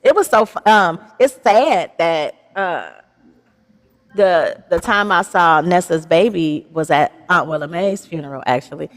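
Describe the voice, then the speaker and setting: Woman host, lowish voice, laughs a lot, encouraging. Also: expressive, unhurried. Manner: warm, affirming, laughs often, Southern Black American vernacular. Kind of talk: casual heartfelt chat.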